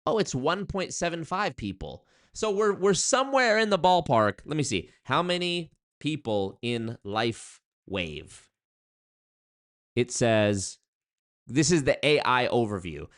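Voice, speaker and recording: A man in a mid-pitched voice runs a casual live stream, reading viewer comments aloud and riffing on them. His delivery is animated and jokey, jumping up high in pitch for excited shout-outs before settling back down to conversational commentary. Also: measured pace.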